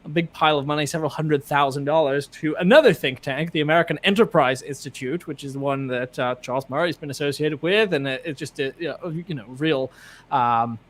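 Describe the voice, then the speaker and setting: A male writer and guest explaining politics in a measured way, with hesitations. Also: a little high. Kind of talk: casual political discussion.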